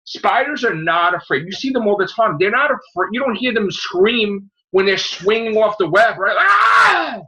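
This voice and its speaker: A man hosting a casual podcast, ranting excitedly and swearing a lot. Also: high voice, moderate pace, hardly any pauses, lo-fi sound. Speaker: show host.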